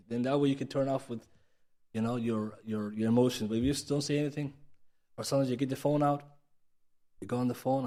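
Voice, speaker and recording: Fast-talking man teaching a class. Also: medium pitch, mellow. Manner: conversational, asks the audience "right?" often, acts out quoted speech. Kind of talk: recorded mosque class lecture. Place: mosque.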